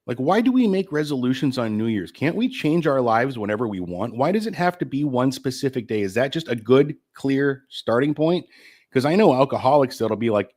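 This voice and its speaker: A man's voice: medium pitch, big pitch swings, brisk, a little mellow. A middle-aged man getting over the flu and short of breath, hosting his own live-streamed talk show in a candid, rambling way and swearing freely.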